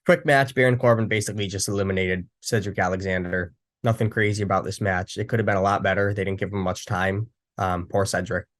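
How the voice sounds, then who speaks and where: A man's voice: low-pitched, steady tone, quick pace, hardly any pauses, fairly bright tone. A young man casually recapping a wrestling show, rambling with frequent restarts and fillers.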